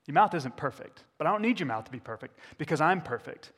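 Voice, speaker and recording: A man's voice: a little high, big pitch swings, fast, a bit bright, big-room sound. A man voicing God as a firm, reassuring divine figure.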